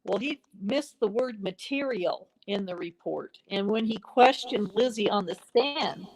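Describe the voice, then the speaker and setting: A woman speaking as a podcast guest, telling a story at a mid-range pitch. She sets out her argument earnestly, one step at a time. Now and then she slips into short quoted exchanges. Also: expressive, unhurried, a little mellow, husky. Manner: earnest, builds a case point by point; acts out quoted dialogue in brief snippets. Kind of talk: conversational storytelling.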